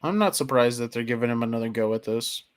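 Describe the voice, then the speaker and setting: A man's voice: mid-range voice, fast. A man chatting casually as a panelist, agreeable and full of short affirmations. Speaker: podcast panelist. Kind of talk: casual chat.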